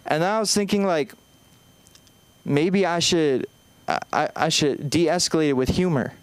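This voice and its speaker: A man's voice: a little high, measured pace, smooth, dry recording. A young man in his twenties doing an open-mic stand-up set on a small club stage, talking in an anxious, self-deprecating, rambling way with lots of restarts. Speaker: stand-up comedian.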